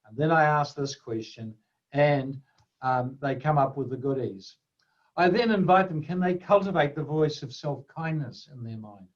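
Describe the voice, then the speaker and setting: A man's voice: on the high side, moderate pace. A man presenting a webinar lecture, conversational and full of fillers and restarts. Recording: dull lo-fi webinar audio.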